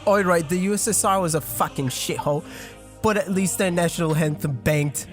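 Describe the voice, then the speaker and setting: A man doing a deliberately bad British accent in a comedy reading, laughing at himself. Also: high-pitched, faint music behind, voice pushed down, lightly acted. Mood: mock-serious. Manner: laughing, self-mocking, breaking character.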